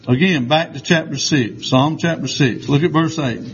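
A man's voice: fairly high pitch, moderate pace. An older man preaching a sermon in church, a folksy, joking storyteller. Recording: slightly dull lo-fi sound.

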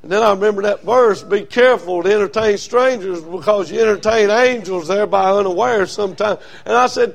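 Man preaching, high-pitched, gravelly voice, storytelling sermon. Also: fairly quick, hardly any pauses. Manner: storytelling, swings from quiet and low to loud and high. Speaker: Baptist pastor.

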